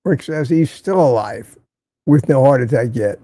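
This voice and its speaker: A man's voice: mid-range voice, animated, normal speed, mellow, no room sound, clean studio sound. An older man hosting a casual livestream from Florida, reading viewer comments aloud and teasing them in a chatty way. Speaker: livestream host. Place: home in Florida.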